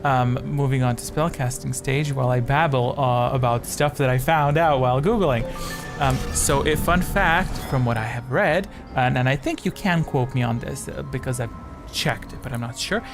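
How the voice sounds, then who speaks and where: Guy streaming a quiz, just rambling and joking between questions, mid pitch, faint music under him. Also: normal speed. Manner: rambling, chatty, jokey asides. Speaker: streamer hosting a quiz game. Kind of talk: casual live-stream chat.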